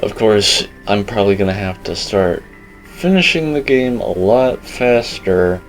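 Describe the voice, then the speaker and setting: A man's voice: on the low side, animated, a little slow, soft background music, low-quality recording. A young man giving casual, rambling commentary on a game teaser, opinionated and full of filler words. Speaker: gaming YouTuber.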